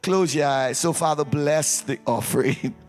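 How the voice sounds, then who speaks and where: A man's voice: on the high side, measured pace, darkish tone, faint music behind. A man leading a church service as pastor, with announcements and prayer, teasing the congregation and calling for responses. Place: church sanctuary.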